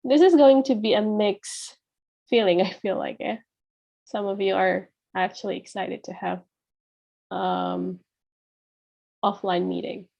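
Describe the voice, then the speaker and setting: Slow, patient woman teacher. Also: mid-range voice, fairly even intonation, creaky, warm tone, lo-fi sound. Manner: patient and explanatory, with frequent "yeah" check-ins; acts out example phrases with a changed tone. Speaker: English teacher. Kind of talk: explaining a lesson to students.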